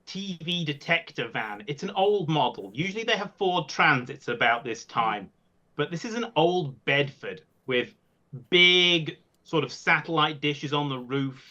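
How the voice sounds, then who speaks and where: A man narrating as game master, talking in halting bursts with many fillers. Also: on the high side, animated, sharp tone. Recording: dull lo-fi mic.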